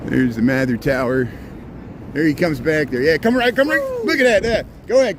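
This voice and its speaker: A chatty man walks busy city streets, narrating his live stream and greeting viewers one after another. His voice sits a little high for a man. Traffic noise rumbles clearly behind him. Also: sing-song, fairly quick. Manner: chatty, greets viewers by name, repeats himself. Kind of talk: casual live-stream narration while walking.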